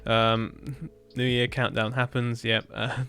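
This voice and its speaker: A man streaming a building game, chatting casually and rambling with dark jokes. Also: mid-range voice, flat delivery, slow, smooth, soft background music. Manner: rambling, joking, darkly humorous. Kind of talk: casual chat while gaming.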